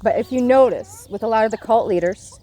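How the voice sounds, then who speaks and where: A woman co-hosting a casual podcast chat, chiming in with quick agreement and thoughtful asides. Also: on the high side, mellow, a little hiss or hum. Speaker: podcast co-host.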